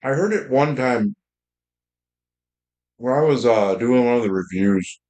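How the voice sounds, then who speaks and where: A man streaming games in casual chat, talking in a deep, slightly loud voice and rambling with lots of fillers and restarts. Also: animated, unhurried, poor audio. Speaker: game streamer.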